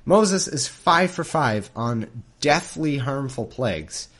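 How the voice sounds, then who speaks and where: A man's voice: mid-range voice, animated, slow pace, a bit bright, slightly rough. A man hosting a casual podcast, reading scripture aloud and commenting on it in a sarcastic, exasperated way. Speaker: podcast host.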